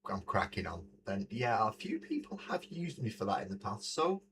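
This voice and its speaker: Speaking at a moderate pace in a lowish, very animated voice, a livestream host paints miniatures at a desk mic positioned near his face. He's chatty, laughs frequently, and reads out messages from chat, with background noise present.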